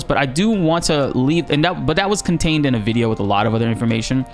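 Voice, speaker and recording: A man giving casual, animated commentary on gaming news, excitable and slangy, swearing freely. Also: medium pitch.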